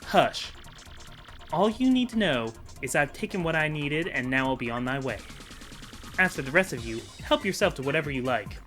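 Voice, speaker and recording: A man voicing a flirtatious, sly female mouse thief in a sultry falsetto while playing a video game. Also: expressive, normal speed, fairly bright tone, soft background music. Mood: sly, teasing.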